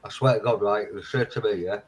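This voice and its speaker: A man's voice: lowish voice, steady tone, fast, low-quality recording. A man in casual chat, swearing freely and acting out both sides of remembered conversations. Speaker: friend in conversation.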